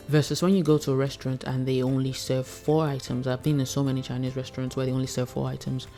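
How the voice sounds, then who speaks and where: A woman's voice: very deep voice, little pitch movement, quick pace, vocal fry, few pauses, mellow, faint music behind. A woman chef coaching food business owners in a chatty, casual way, laughing often and acting out her customers. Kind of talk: casual teaching talk.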